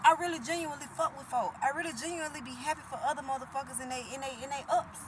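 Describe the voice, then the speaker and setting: A woman's voice: high voice, fairly even intonation, very fast, noisy background. A woman, talking bluntly and profanely to the camera in a preachy, emphatic way. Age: 30s.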